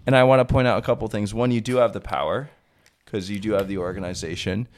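A man's voice: lowish voice, fairly even intonation, fast talker. A man co-hosting a podcast, chatting casually with his partner in a hesitant, wry way with frequent restarts. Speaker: podcast co-host. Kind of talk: casual couple chat.

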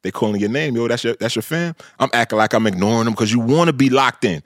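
A man's voice: mid-range voice, expressive, fast, dry recording, studio quality. A man in his thirties, a former offensive lineman, telling stories in a laid-back casual chat with lots of "bro". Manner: laid-back, lots of "bro" and "you know what I'm saying". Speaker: former pro football offensive lineman, podcast guest.

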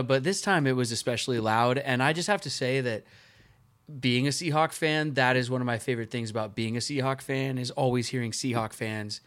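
A man in his thirties hosting a casual sports podcast, telling stories in a lively, playful way. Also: medium pitch. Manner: animated, playful storytelling. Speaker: podcast host.

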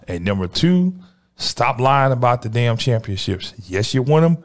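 A man's voice: mid-range voice, animated, normal speed. A man co-hosting a casual sports podcast, arguing in an emphatic, slangy way.

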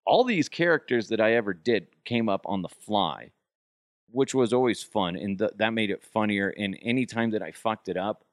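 With a lowish voice and lively intonation, this podcast host rambles through profane, loose storytelling, jumping fast into impressions. It's a casual chat recorded in a clean studio with no room sound.

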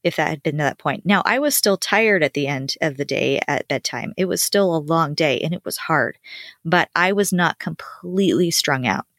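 A woman's voice: low voice, animated, moderate pace, fairly bright tone, no room sound, clean studio sound. A woman co-hosting a podcast, chatting earnestly about family life with frequent restarts. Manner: chatty, earnest, many restarts and self-corrections. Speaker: podcast co-host, parent. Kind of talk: casual chat.

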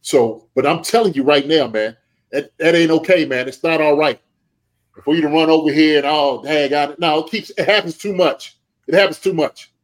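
A man's voice: fairly high pitch, normal speed, rough recording. A man, a former pro football player and special teams coach, gives passionate podcast commentary from home. He lectures in an impassioned way and keeps asking "okay?".

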